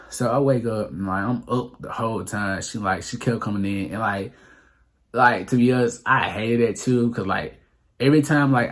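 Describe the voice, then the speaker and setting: A young man vlogs a casual storytime monologue in a medium-pitched, slightly bright voice. He rambles and swears, filling his talk with fillers.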